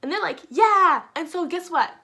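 Chatty kids' church teacher, a woman, high and bright, easygoing and filler-heavy. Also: moderate pace. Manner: bubbly, chatty, lots of "like". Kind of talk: casual children's Bible lesson.

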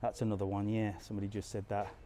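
A man's voice: on the low side, level tone, fast talker, mellow, a little hiss or hum. A man live-streaming a walking tour of a resort town, chatting casually and answering comments as he goes. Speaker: travel vlogger on a live walk. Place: outdoors in a resort town streets and squares.

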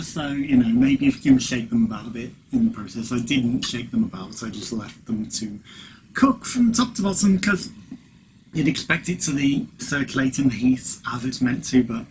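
Casual male vlogger, mid pitch, rambling review chatter, noisy home recording. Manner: rambling, chatty, frequent "you know" fillers; chewing while talking at times. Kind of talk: casual product review vlog.

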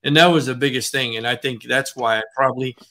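An easygoing man tells self-deprecating stories in a casual chat. His voice is mid-pitched with a bright, forward edge. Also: fairly even intonation, quick pace.

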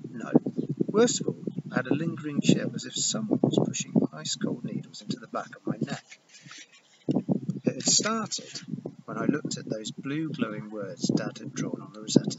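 A man's voice: medium pitch, close to an everyday voice. A man doing a sarcastic British girl narrator. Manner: sardonic, mocking asides. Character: sharp-tongued British girl, about twelve, sarcastic narrator. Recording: dull lo-fi recording with loud noise.

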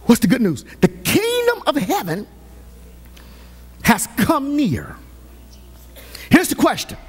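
A male pastor preaching a sermon in a church sanctuary, shouting on his climaxes and teasing the congregation playfully. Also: very high-pitched, wildly swooping pitch, slow pace, slightly rough.

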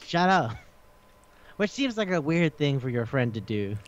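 Laughing and cursing freely, a podcast co-host gives a rambling retelling in a relaxed chat. His medium-pitched voice has a sing-song lilt and an unhurried pace, captured with lo-fi sound.

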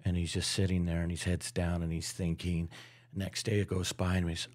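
A man's voice: deep voice, normal speed. A middle-aged man from Utah, talking as a guest in a casual podcast conversation and acting out the people in his stories. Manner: animated storyteller who acts out voices. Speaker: real estate guest.

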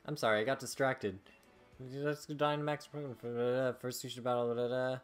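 A man's voice: mid-range voice, level tone, brisk, clear, resonant tone, soft background music. A young man hosting a let's play, chatting casually, joking and reading game text aloud.

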